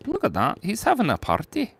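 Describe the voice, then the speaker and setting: A man's voice: huge pitch swings, a little fast, vocal fry, a bit bright, slightly rough, no echo. A man streaming live as he draws viewers' requests, playful and giggly, reading chat messages aloud. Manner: swoops from squeaky highs to low mumbles.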